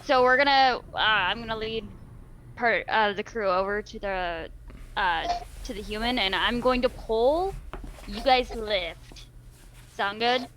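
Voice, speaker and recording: A woman player in a tabletop game, talking casually and planning her moves quickly with some hesitation. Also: a little high, a bit bright, a little hiss or hum. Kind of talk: casual chat.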